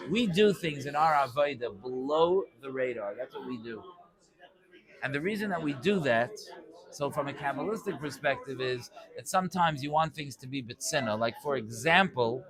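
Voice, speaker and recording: A man giving an informal Torah class to a live audience, conversational and acting out quick bits of dialogue. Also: mid-range voice, a bit bright.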